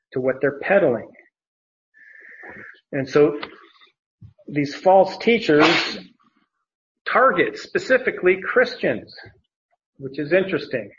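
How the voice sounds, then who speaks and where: Slow, deliberate male Bible teacher. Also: a little high, highs cut off. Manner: slow and deliberate, with frequent fillers and restarts.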